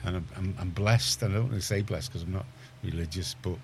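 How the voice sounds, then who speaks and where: Low-voiced Liverpudlian radio host, rambling. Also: male voice, brisk, a little hiss or hum. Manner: rambling, restarts often, animated storyteller. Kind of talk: casual radio chat. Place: community radio studio.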